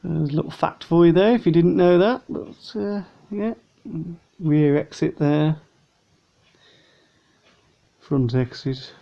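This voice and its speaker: A man talks his way through a casual model plane review, rambling and a bit weary. His voice sits slightly high, with a gravelly edge and a mellow tone. The recording sounds dull and lo-fi. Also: slow pace, pauses often. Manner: rambling, chatty, tired. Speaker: vlogger.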